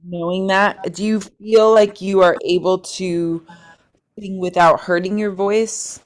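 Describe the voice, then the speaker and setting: A woman with a mid-range, steady, slow voice coaches an online singing workshop over a video call. Chatty, encouraging and upbeat, she talks students through their voices.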